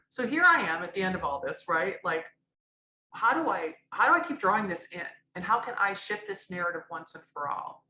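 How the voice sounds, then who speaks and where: Candid woman, bright voice, echoey room. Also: lowish voice, a little hiss or hum. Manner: emotional, rambling, restarts often. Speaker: podcast guest. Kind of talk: candid personal storytelling.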